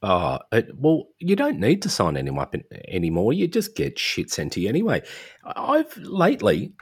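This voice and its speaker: Very deep-voiced man, dry and wry. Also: huge pitch swings, normal speed, slightly rough, no room sound. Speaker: podcast co-host. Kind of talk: casual chat.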